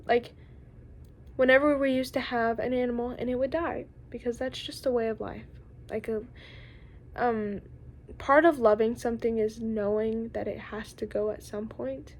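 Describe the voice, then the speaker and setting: A young woman rambles through a confessional vlog, losing her thread and drifting down into whispers. Her voice sits a little high. A faint noise hums behind her. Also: a little mellow. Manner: rambling, trailing off, drops to whispers. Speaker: vlogger.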